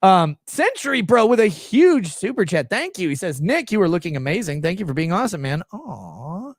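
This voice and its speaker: This high, sing-song male voice moves at a moderate pace, captured in clean studio sound with no room noise. He's a young livestream host from Minnesota, joking crudely, rambling, and filling gaps with lots of fillers as he reads out super chats.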